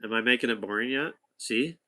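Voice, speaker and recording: A man's voice: medium pitch, fairly quick, sharp tone. A man casually telling a rambling anecdote to a companion, chatty, with asides and restarts. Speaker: storyteller talking to a companion.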